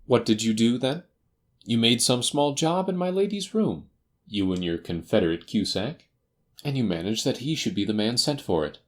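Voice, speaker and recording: A man doing Sherlock Holmes, crisp and assured. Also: medium pitch, expressive, moderate pace, voice pushed up, lightly acted. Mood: stern. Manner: crisp, assured, faintly teasing. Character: brisk, confident male detective. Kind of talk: audiobook character voice.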